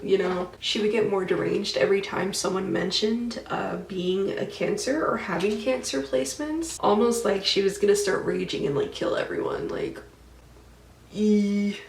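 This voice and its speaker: A woman's voice: medium pitch, creaky, distant mic, slight background noise. A woman chatting through her makeup routine in a loose, unfiltered vlog style, cursing freely as she retells dreams. Her voice sits back from the mic in a roomy, echoing space. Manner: chatty, swears freely, reads dreams aloud with animated retelling. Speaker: beauty vlogger. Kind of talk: casual get-ready-with-me chat.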